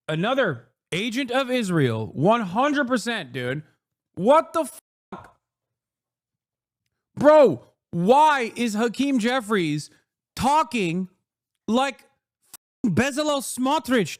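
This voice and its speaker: Brief: male streamer, fiery profane rant, high voice, dry close sound. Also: no echo. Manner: heated, profane ranting. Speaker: streamer host. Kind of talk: live-stream commentary.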